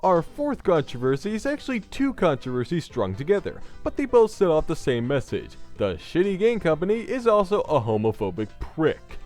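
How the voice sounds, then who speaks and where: A man delivers scripted gaming commentary in a sarcastic, crude tone. His voice sits a little high and leaps around with animated, lively pitch swings. Soft music plays quietly underneath. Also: normal speed, few pauses. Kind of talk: scripted video game commentary.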